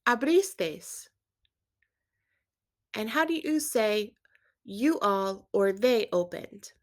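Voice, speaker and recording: A woman teaching a Spanish grammar lesson, patiently explaining verb endings and quizzing the listener in a clear, steady way. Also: medium pitch, takes it slowly. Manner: clear, patient instruction with quiz prompts. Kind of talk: scripted language lesson.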